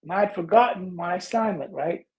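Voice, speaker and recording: Animated male podcast host, mellow tone. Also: high voice, moderate pace, poor audio. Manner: animated, acts out dialogue in his stories. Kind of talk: motivational storytelling talk.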